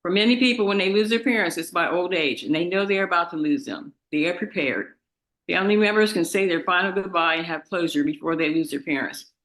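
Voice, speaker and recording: A woman of about twenty reads her victim impact statement in court, grief-stricken and tearful, halting and restarting as she speaks of her father. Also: lowish voice, fairly bright tone, low-quality recording.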